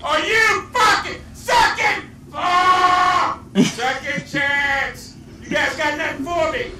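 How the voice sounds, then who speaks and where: A man's voice: very high-pitched, steady tone, slow pace. A man screaming and cursing furiously at a video game as he plays, in a clip played back from a recording. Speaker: gamer in a rage clip. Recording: echoey, distant, loud noisy capture.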